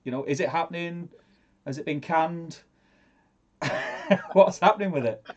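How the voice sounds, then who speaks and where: A man's voice: a little high, a little slow. A man hosting a casual chat, friendly and stumbling over his words.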